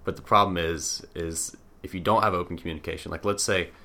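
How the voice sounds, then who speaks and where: A young man with a very low voice and a bright, forceful edge, chatting on a podcast. He reasons things through reflectively, leaning on everyday examples. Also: fairly even intonation, a little fast, gravelly. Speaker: podcast co-host. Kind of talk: casual conversation.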